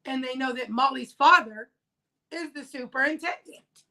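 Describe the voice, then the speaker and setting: A woman hosts a casual live-stream chat. Her voice is high and bright, and she talks with emphasis, going back over her main points to drive them home. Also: normal speed, gravelly, poor audio. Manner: emphatic, repeats key points. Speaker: livestream host. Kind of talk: casual discussion of a news case.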